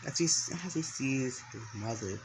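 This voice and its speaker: A man's voice: mid-range voice, expressive, a little slow, a little hiss or hum, low-quality recording. A man narrating an improvised story, rambling along with many restarts and fillers.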